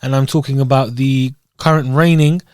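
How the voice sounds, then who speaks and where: A man's voice: medium pitch, fairly even intonation, normal speed, darkish tone, clean tone, no echo, studio quality. A man from Scotland co-hosting a podcast, chatting casually about food and then presenting boxing news. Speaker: podcast co-host. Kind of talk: casual chat.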